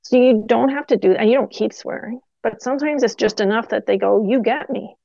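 Middle-aged woman guest, gravelly texture, dry dull recording, lively storyteller. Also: a little high, fairly quick, dry recording. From Canada. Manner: animated anecdotes with quoted dialogue. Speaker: physiotherapist guest. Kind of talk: casual interview storytelling.

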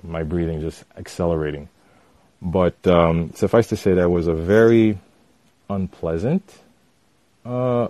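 Deep-voiced man telling a story. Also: no echo. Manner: animated retelling, repeats himself with fillers. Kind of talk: casual storytelling.

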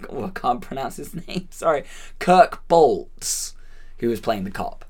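A woman co-hosting a relaxed conversation about a film, sharing bits of trivia and laughing easily. Her voice sits low but moves up and down with lively, animated pitch. She talks loosely, with plenty of restarts. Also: a little slow, slightly rough. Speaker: podcast co-host. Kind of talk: casual film chat.

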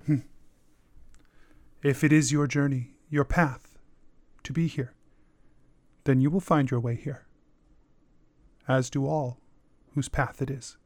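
A man voicing a calm, solemn masked woman of a wandering family, who speaks slowly and cryptically. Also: mid-range voice, no echo, close to an everyday voice. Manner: slow, measured, cryptic.

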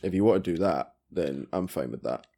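A man's voice: low-pitched, lively intonation, fairly quick, gravelly, dark tone. A man co-hosting a film podcast, speaking in a hesitant, hedging way. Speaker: podcast co-host. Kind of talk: casual film chat.

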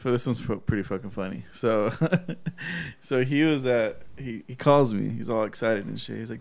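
Guy with a gravelly voice, laid-back podcast storytelling, laughs a lot. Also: mid-range voice, normal speed. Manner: laughing, animated retelling with quoted voices. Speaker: podcast co-host. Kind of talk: casual storytelling chat.

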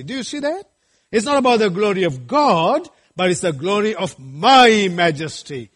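High-voiced man preaching emphatically. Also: sing-song, normal speed, a bit bright. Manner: emphatic preaching with rhetorical questions. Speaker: pastor. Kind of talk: sermon.

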